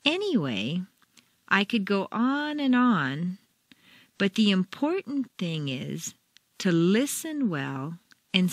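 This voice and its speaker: A woman's voice: medium pitch, a bit bright, no echo. American woman reading accent-training drills. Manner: exaggerated intonation for demonstration. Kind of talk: scripted instructional reading.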